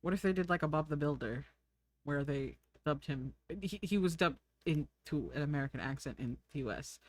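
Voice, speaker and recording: A woman's voice: sits low, expressive, normal speed, a little mellow, no room sound. A young woman streaming, chatting casually and giggling while she draws and reads chat. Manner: chatty, giggly, thinks aloud.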